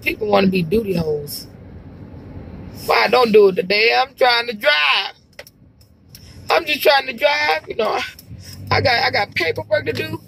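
A woman's voice: on the high side, normal speed, creaky, long pauses, fairly bright tone, slight background noise, poor audio. Chatty woman rambling while driving. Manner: chatty, rambling, exclamatory with sighs. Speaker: vlogger. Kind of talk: casual chat to camera while driving. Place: car, driving.

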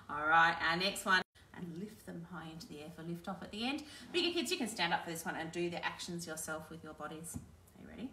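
A woman runs a sing-along for babies and toddlers in a library, and her voice sounds bright and high. She sings simple nursery tunes and chats to the little children in a cheerful sing-song way. The room echoes, and she stands a little back from the mic. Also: lively intonation, a little fast, recorded from a distance. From Australia. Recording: roomy echo, a little off-mic.

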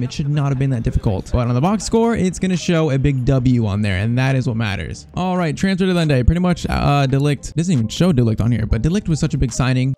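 A young man commentating his own football video game match, excitable, swinging from deadpan complaints to loud cheering. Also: mid-range voice. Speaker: gaming channel host.

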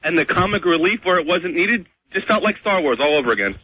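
A male caller in excited call-in chat, firing off eager, quick complaints. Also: sits high, slightly rough, no room sound. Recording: dry lo-fi phone-in on radio.

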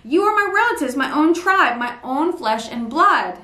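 A woman's voice: high-pitched, lively intonation, moderate pace, pushed and bright. A woman reading as an ancient pleading king. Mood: earnest. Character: ancient king, grieving yet forgiving ruler. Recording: roomy echo, mic at a distance.

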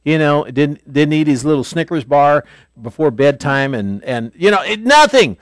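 Folksy pastor teaching scripture. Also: male voice, a little high, very animated, moderate pace, no room sound. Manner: folksy, explanatory, swings between loud and quiet. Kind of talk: Bible teaching. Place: Bible school classroom.

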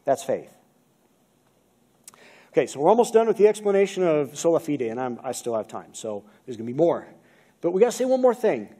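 Lively, high-voiced American pastor preaching. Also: male voice, brisk, pauses often, husky. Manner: animated preaching, asks the congregation questions. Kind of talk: sermon. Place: church sanctuary. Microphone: video-recorded pulpit mic.

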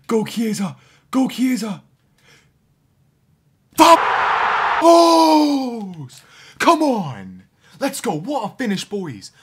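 A husky-voiced man talks through a football game card review for his viewers, whom he calls boys. Once the matches start, his voice swings widely from low mutters to loud shouts at every chance on goal. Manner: excitable, shouts and groans at near misses. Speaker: gaming YouTuber. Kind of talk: player review and live gameplay commentary.

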